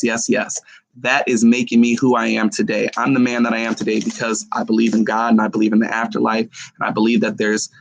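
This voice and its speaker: A man's voice: medium pitch, creaky, dry recording, low-quality recording. A middle-aged man on a casual live stream, telling personal stories in a heartfelt, emotional way.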